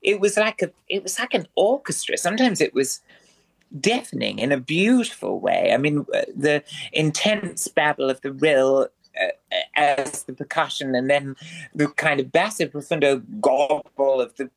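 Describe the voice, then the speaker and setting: A man's voice: fairly high pitch, animated, normal speed, vocal fry. A man, a performer as a guest in a radio interview, speaking in a florid, theatrical way with elaborate vocabulary. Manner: florid, theatrical speech full of ornate words.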